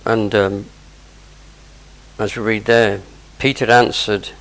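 A man's voice: fairly low pitch, level tone, slow, a bit bright, rough recording. A man preaching a sermon, explaining scripture verse by verse with conversational asides.

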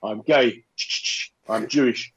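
A comedian and host tells a stand-up anecdote in casual chat, acting out the voices of the people in it. His mid-range voice is slow with a breathy edge, and his delivery is animated, casual comic storytelling. The podcast audio is dull and slightly lo-fi.

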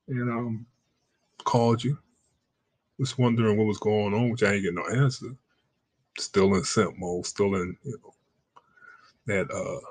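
A man's voice: lowish voice, breathy edge, no room sound. A man telling a personal story in a casual, slangy way, acting out the lines of the people in it. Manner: acts out quoted dialogue in a raised voice; slangy, conversational.

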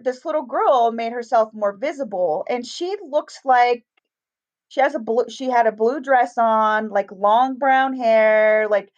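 A middle-aged woman casually telling a story, acting out the voices of the people in it. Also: a little high. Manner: animated, acts out quoted voices. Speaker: guest telling a ghost story. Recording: dull, lo-fi sound.

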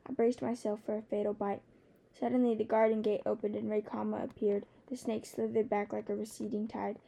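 A woman narrating a first-person novel as an audiobook, in a steady, measured storytelling manner. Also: medium pitch, creaky, husky.

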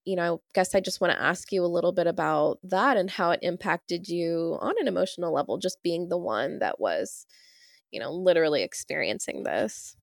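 A woman's voice: fairly low pitch, animated, a little fast, creaky, dry recording, clean studio sound. A woman, a podcast host and relationship therapist, asking questions in a reflective, chatty way. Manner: warm, reflective, says "y'all" and "like". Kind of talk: casual interview chat.

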